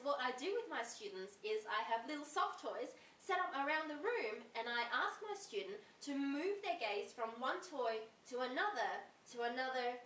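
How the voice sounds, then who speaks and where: A young Australian woman tutor giving clear, deliberate advice in an instructional video. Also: high voice, fairly bright tone. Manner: clear, deliberate teacherly explanation. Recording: roomy echo from a distant mic with faint hiss.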